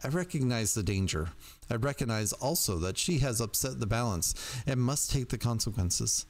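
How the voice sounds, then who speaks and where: A man's voice: medium pitch, animated, moderate pace, natural voice. A man reading aloud, voicing a silver-haired older woman dean who speaks in a sweet, reproving, prim way.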